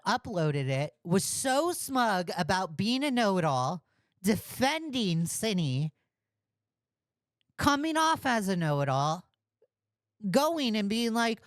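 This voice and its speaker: A woman's voice: mid-range voice, dry recording, studio quality. A woman commentator ranting scathingly about another creator, mocking and blunt. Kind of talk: reaction commentary.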